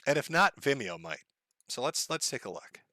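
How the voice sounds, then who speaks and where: A man's voice: medium pitch, sing-song, moderate pace, bright, forceful tone, no room sound. A man hosting a live stream, commenting sardonically and laughing often. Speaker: livestream host.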